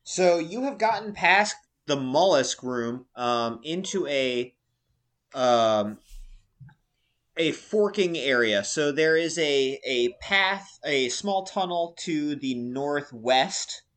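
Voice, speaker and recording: A man's voice: a little high, lively intonation, slow pace, a bit bright. A man narrating as game master of a tabletop game, hesitant and full of fillers, with a joking streak.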